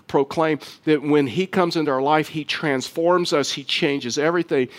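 A man's voice: a little high, steady tone. Earnest male pastor preaching. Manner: earnest preaching, stumbling restarts, rises louder and quicker near the close. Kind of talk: sermon.

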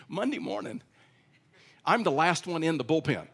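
Storytelling male pastor, slightly high voice. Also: big pitch swings, a little slow, gravelly, a bit bright, breathy edge. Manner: conversational storytelling, self-deprecating humor. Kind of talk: sermon with personal stories.

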